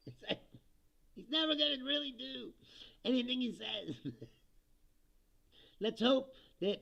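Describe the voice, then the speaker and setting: Gravelly, laughing comedian on a livestream. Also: male voice, extremely high pitch, big pitch swings, slow, long pauses, pushed and bright. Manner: laughs often, swears, sarcastic. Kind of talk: casual livestream chat reading viewer comments. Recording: dull lo-fi stream audio.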